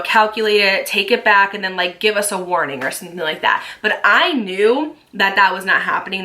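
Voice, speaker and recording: A young woman tells a personal story straight to her viewers, chatty and emphatic, dropping in filler likes as she goes. Her voice is bright and forceful, sitting mid-range in pitch. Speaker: storytime vlogger. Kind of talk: casual storytelling.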